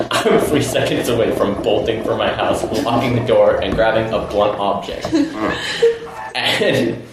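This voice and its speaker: A man spins a long, rowdy story for friends on a podcast, acting out every line of dialogue and breaking into laughter. His voice leaps up and down in pitch. The recording sits in a very echoey room with a steady noise behind him. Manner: animated, laughing storyteller with acted-out quotes. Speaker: podcast host. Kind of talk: casual storytelling among friends.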